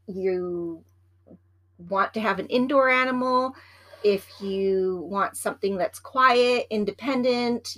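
A woman's voice: fairly high pitch, fairly bright tone. A woman co-hosting a casual chat, rambling and teasing as she gives practical advice about pets. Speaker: podcast co-host.

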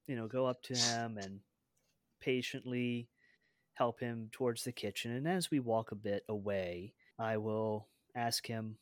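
A man playing a tabletop game, speaking formally and deliberately in character. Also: medium pitch, steady tone, dry recording, clean studio sound. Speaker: player.

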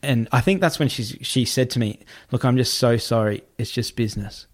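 A man, a podcast guest telling a story in a casual, animated way, often swearing and repeating himself. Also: medium pitch, normal speed. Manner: animated, repetitive, swears freely.

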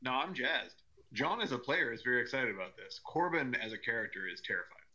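A man's voice: mid-range voice, animated, a little fast, bright, forceful tone, dull audio. A man playing a tabletop game, chatting in a casual, laid-back way. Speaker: player.

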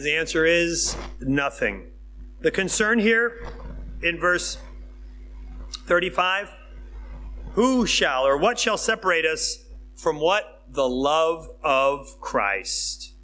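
A man preaching a sermon in a conversational, emphatic way, dropping to hushed tones and then rising with excitement. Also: on the high side, unhurried, a little hiss or hum. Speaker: pastor.

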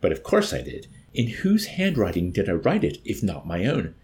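A man's voice: huge pitch swings, normal speed, darkish tone. A man voicing a frightened, bewildered army chaplain who pleads in a raised, anxious voice. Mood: indignant. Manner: frantic, pleading, higher-pitched.

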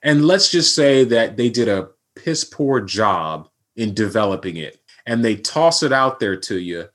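A man's voice: fairly low pitch, a little slow. A man co-hosting a podcast, ranting in casual banter with mock outrage. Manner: animated, mock-outraged ranting about collecting. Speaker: podcast co-host.

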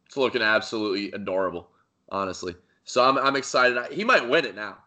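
A young man co-hosting a sports podcast, full of excitable, joking banter. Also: lowish voice, quick pace. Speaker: podcast co-host. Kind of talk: casual sports podcast chat.

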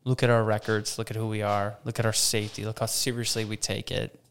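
A man's voice: fairly low pitch, quick pace, vocal fry, slight background noise. A young adult man, a campground operations manager, telling a story in a conversation and acting out what people said. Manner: animated, retells with quoted voices and many "like"s.

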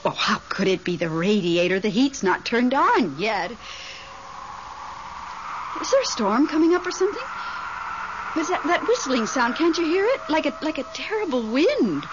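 A woman's voice: high voice, sing-song, normal speed, long pauses. An actress playing Melba, a lonely widow devoted to her dead husband, gasping and breathless, in a radio drama. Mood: alarmed. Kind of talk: 1970s radio drama acting. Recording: dull old radio broadcast, faint hiss.

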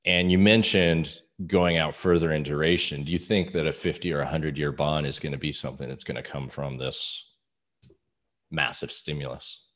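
A man hosting a podcast interview, chatting casually with halting delivery and lots of ums. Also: very deep voice, steady tone. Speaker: podcast host.

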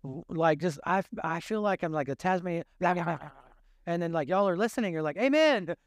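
Animated preacher man with a drawl. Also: on the high side, fast, no room sound, studio quality. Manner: animated, self-deprecating, rambling asides. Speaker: pastor. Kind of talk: sermon.

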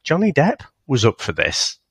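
A man's voice: on the high side, huge pitch swings, normal speed, creaky, a bit bright, breathy edge, dry recording, studio quality. A man co-hosting a podcast, chatting casually and rambling about a film, swearing and laughing often. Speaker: podcast co-host. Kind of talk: casual film-review chat.

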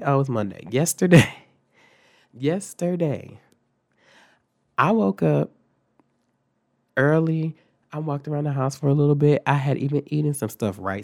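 A young man, recovering from an illness and sounding congested, telling a story casually and profanely with big jumps in pitch. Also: expressive, unhurried, creaky, pauses often, a little mellow, no room sound, clean studio sound. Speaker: vlogger.

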